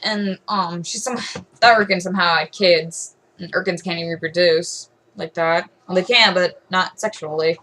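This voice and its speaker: A woman's voice: fairly low pitch, steady tone, normal speed, fairly bright tone, a little hiss or hum, low-quality recording. Rambling aggrieved teenage girl. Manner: rambling, full of fillers and restarts, aggrieved. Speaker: vlogger. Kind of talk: rambling rant to camera.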